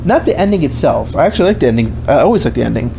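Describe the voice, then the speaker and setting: A man co-hosting a film podcast, talking in a loose, rambling way with lots of restarts and fillers. His voice is dark and mellow, at an ordinary pitch. A faint hiss of noise sits under the recording. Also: sing-song, rapid-fire, vocal fry. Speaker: podcast co-host. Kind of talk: casual film discussion.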